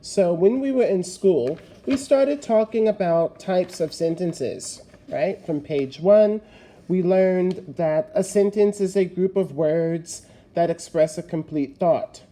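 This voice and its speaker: Male teacher, recorded remote lesson, deliberate delivery that leans on key words, warm dark tone. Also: high-pitched.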